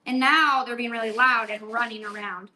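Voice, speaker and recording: A woman's voice: a little high, steady tone, normal speed, bright, forceful tone, slight background noise. A woman hosting a casual crafting livestream from her home table, chatting and answering viewer comments as she works. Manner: chatty, reads viewer comments aloud while working. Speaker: livestream seller host.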